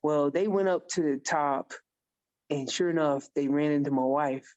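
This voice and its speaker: A man guest on a podcast, telling a hunting story in a casual, animated way and acting out the dialogue. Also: a little high, moderate pace, muffled recording. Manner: animated storyteller who acts out quoted dialogue. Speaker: podcast guest, elk calling champion.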